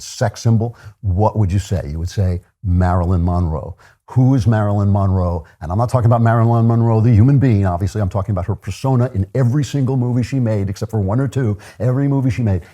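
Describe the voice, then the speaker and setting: A man's voice: lowish voice, dark tone. An older man hosting a political commentary show, delivering a sardonic, opinionated monologue with chuckling asides.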